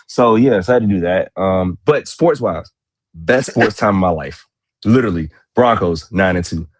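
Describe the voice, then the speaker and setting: A congested man co-hosting a casual sports podcast, telling rambling, excitable stories about his week. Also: sits low, normal speed, no echo. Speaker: podcast co-host.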